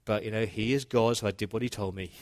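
A man's voice: on the low side, steady tone, fast, darkish tone, lightly acted. A man preaching as Noah, telling the flood story in the first person with earnest, conversational feeling. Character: Noah, humble earnest older man, male. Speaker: pastor. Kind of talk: dramatic first-person retelling in a sermon.

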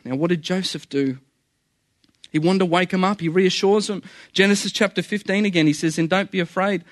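A man's voice: high voice, brisk, no room sound, studio quality. A man preaching a sermon in an earnest, conversational way, often repeating phrases for emphasis.

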